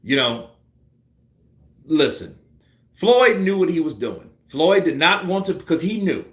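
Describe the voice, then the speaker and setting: On a live stream, a man delivers casual, profane boxing commentary, animatedly acting out punch combinations. His voice is a little high and a little slow, and the recording sounds roomy.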